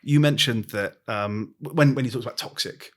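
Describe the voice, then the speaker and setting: A man's voice: mid-range voice, moderate pace, fairly bright tone. A man hosting an interview podcast, asking questions in an informal, hesitant way with lots of fillers. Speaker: podcast host. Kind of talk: casual interview chat.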